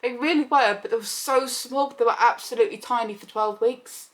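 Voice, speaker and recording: A woman's voice: on the high side, fairly quick. A young woman, telling a personal story in a casual, chatty vlog and acting out what people said. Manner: chatty, animated retelling with quoted voices. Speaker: vlogger.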